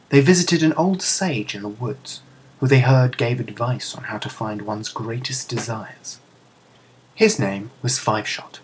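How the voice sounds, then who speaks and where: A man's voice: medium pitch, husky, low-quality recording. Soothing British male storyteller. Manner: soothing, mock-grand deadpan. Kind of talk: comedic story narration.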